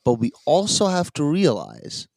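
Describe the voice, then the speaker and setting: A man's voice: a little high, huge pitch swings, unhurried, gravelly, a little mellow, dry recording, rough recording. A man co-hosting a podcast, chatting casually and rambling, often laughing at his own points. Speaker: podcast co-host. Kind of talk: casual chat.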